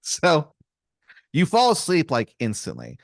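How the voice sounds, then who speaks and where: A young man improvising a comic story on a podcast, rambling with many fillers and mock-dramatic pauses. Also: on the high side, huge pitch swings, vocal fry, no echo, clean studio sound. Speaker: podcast co-host telling an improvised scenario.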